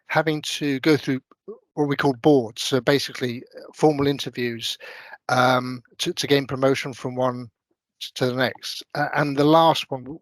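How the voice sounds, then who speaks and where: A middle-aged man gives career advice on a virtual panel. His voice is recorded dry, with no room sound. He pauses often, restarts his sentences and uses a lot of fillers. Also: mid-range voice, no room sound. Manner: hesitant, many fillers and restarts. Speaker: ex-military panel guest. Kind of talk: casual career advice chat.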